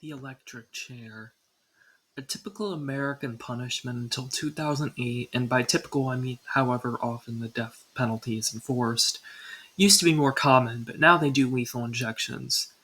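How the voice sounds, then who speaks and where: A young woman reads a scripted countdown in a husky, breathy voice that still sounds bright and forward. She keeps the tone casual and drops in dry little asides between entries. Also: extremely low pitch, fairly even intonation, moderate pace, low-quality recording. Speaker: video creator. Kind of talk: scripted ranking narration.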